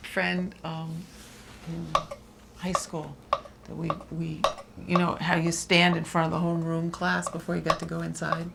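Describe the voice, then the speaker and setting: Woman with a fry-heavy voice telling stories on a cooking show, noisy audio. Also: sits low, completely flat delivery, a little slow. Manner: chatty storyteller, laughs often. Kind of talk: casual chat. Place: community access TV studio. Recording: noisy community TV studio audio.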